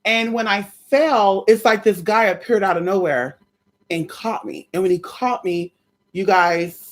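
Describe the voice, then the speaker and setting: A young adult woman telling her viewers a story in a casual, animated way. She swears freely and keeps calling them y'all. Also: mid-range voice, unhurried. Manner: animated, chatty, profane, addresses viewers as y'all. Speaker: spiritual content creator.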